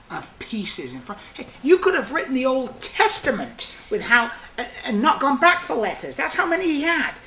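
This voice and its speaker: A man working as a prison guard, telling stories from the job in a restless, animated way full of asides. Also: very high voice, a little hiss or hum. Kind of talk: storytelling monologue.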